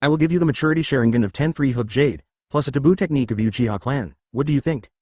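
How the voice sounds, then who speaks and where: A man's voice: medium pitch, very fast, warm tone, no echo, clean studio sound, close to an everyday voice. A man voicing a scheming ninja leader in a synthetic-sounding story reading, blunt and persuasive.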